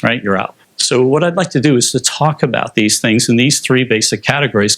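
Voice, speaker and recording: A man's voice: mid-range voice, a bit bright. A man giving a conference presentation on technology, explaining slides step by step with frequent fillers.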